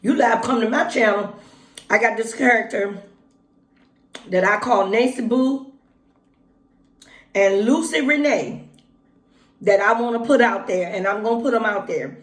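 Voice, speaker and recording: Folksy woman chatting while eating. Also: a little high. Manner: chatty, folksy, talks between bites with pauses. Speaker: vlogger. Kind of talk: casual mukbang vlog, talking while eating. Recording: echoey room.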